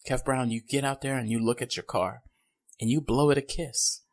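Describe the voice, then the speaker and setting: A man co-hosting a casual podcast, talking in an animated way, laughing often and slipping into goofy impressions. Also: mid-range voice, normal speed. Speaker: podcast co-host.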